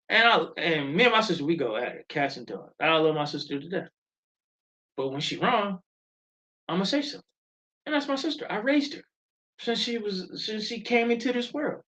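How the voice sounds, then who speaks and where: A middle-aged man, telling stories in an animated, preachy way as a live show host. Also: high voice, fairly quick. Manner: animated storytelling, preachy and emphatic. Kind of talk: casual live-stream talk. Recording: dull lo-fi stream audio.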